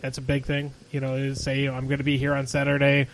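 A man co-hosting a casual podcast who gives steady, plain-spoken advice, with frequent you-knows. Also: medium pitch, fairly quick, a little hiss or hum, low-quality recording. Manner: steady, repetitive advice with you know fillers. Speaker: podcast co-host.

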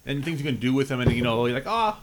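A man's voice: medium pitch, steady tone, very fast, slight background noise. A man in a casual podcast chat, rambling enthusiastically about a game.

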